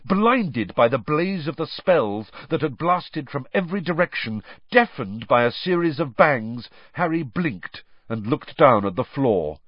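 A man reading a story aloud as narrator, with expressive storytelling delivery. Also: measured pace, hardly any pauses, dry recording. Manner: lively storytelling with varied pitch. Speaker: audiobook narrator. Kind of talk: scripted narration. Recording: dry, slightly muffled lo-fi recording.

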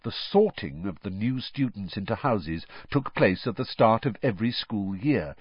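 A man narrates a storybook with animated, expressive delivery in a low, husky voice. His pitch moves a lot from line to line. The sound is dull and dry, with no room echo. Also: moderate pace. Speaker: audiobook narrator. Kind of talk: scripted narration.

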